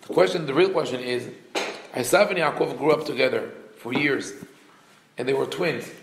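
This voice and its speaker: Male rabbi teaching a class, slightly high voice, talky and repetitive, roomy echo. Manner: conversational teaching, quotes dialogue, frequent restarts. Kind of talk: Torah lecture.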